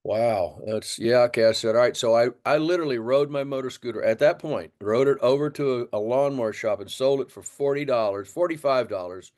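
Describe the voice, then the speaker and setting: An older man from Texas, a drummer, telling an animated story in an interview and acting out the voices of others. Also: mid-range voice, fairly quick, hardly any pauses. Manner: animated storyteller, acts out voices, laughs often. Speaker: guest drummer.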